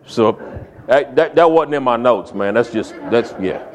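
Male preacher, folksy humorous sermon delivery, middle pitch. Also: expressive, a little slow. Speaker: pastor.

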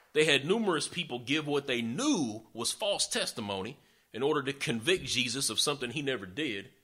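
A man's voice: mid-range voice, bright, forceful tone. A man preaching a sermon, retelling scripture in a folksy, conversational way with sarcastic asides. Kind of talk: sermon storytelling.

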